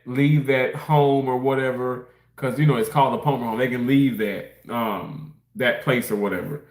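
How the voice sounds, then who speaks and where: Here a Mississippi livestream host chats casually as he eats, laughing and rambling while reading comments from the chat. His pitch is medium, the tone fairly bright, and the space around him sounds reverberant.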